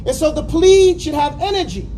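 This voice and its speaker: A man teaching a class, animated and stop-start, having students repeat words after him. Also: very high-pitched, moderate pace, a little hiss or hum. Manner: stammers and restarts often. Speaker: teacher of Quran exegesis class. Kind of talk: classroom lesson.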